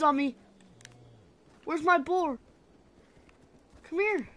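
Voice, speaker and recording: Excitable, crude gamer woman, slow and high. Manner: excitable, crude, laughing, yelling. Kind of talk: casual gameplay commentary.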